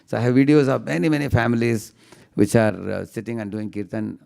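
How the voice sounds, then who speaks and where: A man giving a devotional storytelling lecture, chanting verses slowly and often asking the audience "huh?". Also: medium pitch, steady tone, creaky, a little mellow. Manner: chants verses in a slow singsong; tags lines with questioning "huh?" to the audience. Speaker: speaker giving a devotional class.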